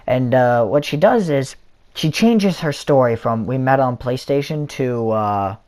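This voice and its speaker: A man's voice: mid-range voice, expressive, measured pace, darkish tone. A young man casually telling a story in a vlog, rambling with lots of fillers and restarts. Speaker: vlogger. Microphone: console or headset mic.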